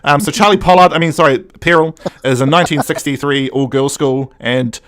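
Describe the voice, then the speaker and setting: A man hosting a podcast, recapping a story in a casual, animated way with lots of fillers. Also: fairly high pitch, a little fast. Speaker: podcast host. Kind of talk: casual review chat.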